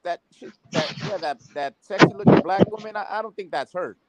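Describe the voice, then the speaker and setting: A man's voice: high voice, wildly swooping pitch, brisk, a crowd in the background. A man on a casual chat panel, gossiping and swearing. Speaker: podcast panelist.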